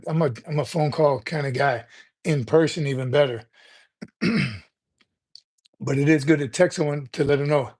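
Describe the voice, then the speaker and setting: A man's voice: on the high side, darkish tone. An older man hosting a casual livestream chat, talking in a loose, rambling way and often repeating words as he gathers his thoughts. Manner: rambling, conversational, repeats words while thinking. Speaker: livestream host.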